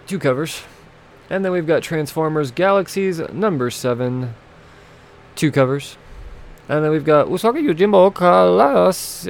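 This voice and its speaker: A man's voice: mid-range voice, gravelly, a little hiss or hum. A man chatting casually and rambling through a list of upcoming comics, swearing now and then and laughing at himself. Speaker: comic book vlogger.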